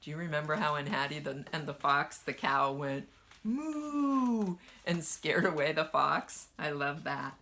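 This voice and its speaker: A woman kindergarten teacher gently reading a picture book aloud to children and asking them questions as she goes. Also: low-pitched. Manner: slow, lively sing-song storytelling.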